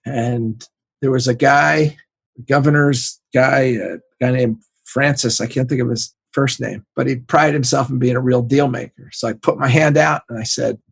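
A man in his sixties with a gravelly, husky voice spins lively stories for an interviewer. He slips into the voices of the people he quotes, and his recording is close and dry with no room sound. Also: medium pitch, moderate pace, no echo. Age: 60s. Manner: animated anecdotes, acts out quoted voices, laughs often. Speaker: sports executive guest. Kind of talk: casual storytelling interview.

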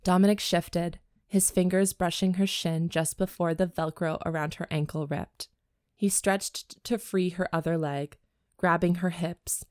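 A woman co-hosting a comedy podcast, reading a steamy novel aloud and tossing in crude jokes. Her voice sits a little low. The recording is close and dry, with little room sound. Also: darkish tone, no echo. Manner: bawdy, joking asides. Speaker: podcast co-host and reader.

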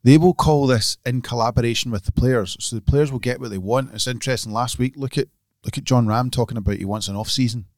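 A man co-hosting a golf podcast, talking casually and excitedly, restarting and repeating words as he goes. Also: mid-range voice, quick pace, few pauses, dry recording. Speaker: podcast co-host.

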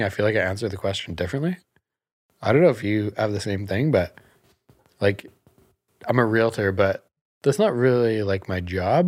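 Realtor guy on a podcast, kinda low voice, dry close sound, chatty and laughing a lot. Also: no room sound. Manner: animated storyteller, laughs often. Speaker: realtor guest. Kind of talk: casual podcast chat.

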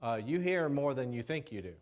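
A man preaching a sermon in a conversational way, reading scripture slowly and checking in with the congregation. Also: medium pitch, expressive, darkish tone. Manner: conversational, checks in with "okay?" and "all right?"; reads scripture slowly in King James wording.

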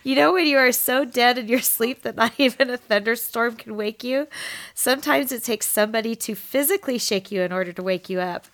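A woman's voice: on the high side, brisk, a bit bright. A woman co-hosting a podcast in casual chat, laughing often and rambling, a bit short of breath after an infection. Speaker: podcast co-host.

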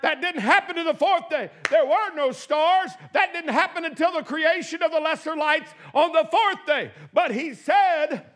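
A man preaching a sermon as pastor, emphatic, swinging between shouted praise and quiet asides. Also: very high-pitched, moderate pace, few pauses.

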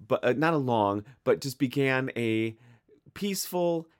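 A man with a Midwestern American accent, co-hosting a podcast in rambling, animated casual chat. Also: medium pitch, unhurried. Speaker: podcast co-host.

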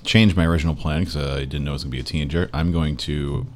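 A man speaks quickly in a very deep voice while playing in a tabletop game. He delivers crude jokes in a deadpan tone. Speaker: player.

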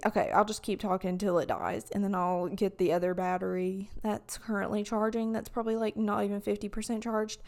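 A woman's voice: medium pitch, fairly even intonation, moderate pace. A young woman from Alabama with a Southern US accent, talking casually to camera in a rambling way full of fillers. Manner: rambling, many "like" fillers and restarts. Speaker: vlogger.

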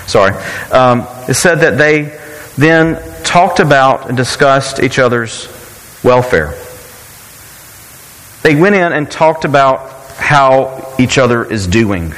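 A man's voice: medium pitch, expressive, slow, a bit bright, in a large hall, low-quality recording. A man preaching a sermon in a conversational way, often repeating words and asking rhetorical questions. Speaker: pastor.

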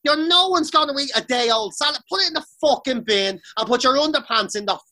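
Irish man, bright voice, sweary animated comic ranting. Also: very high voice, fast talker. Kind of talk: casual comedic rant. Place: sitting on the floor of a room.

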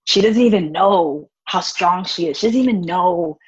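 A woman's voice: fairly low pitch, normal speed, husky, dry recording, muffled recording. A young woman, telling stories in a casual interview and acting out what people said. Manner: animated, acts out quotes with laughs. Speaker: guest, volunteer child advocate.

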